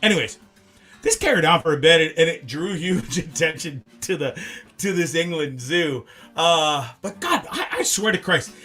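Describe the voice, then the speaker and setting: Bright-voiced rambling talk show host. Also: male voice, a little high, moderate pace. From Canada. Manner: animated, rambling, swears freely. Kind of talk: casual live show chat.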